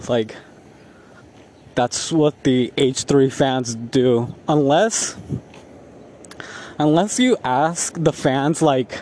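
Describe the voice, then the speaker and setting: A man vlogging while walking outside, rambling and laughing often, a bit high. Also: a little hiss or hum. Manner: rambling, laughs often, slow relaxed talk. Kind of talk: casual walking vlog. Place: outdoors on a street.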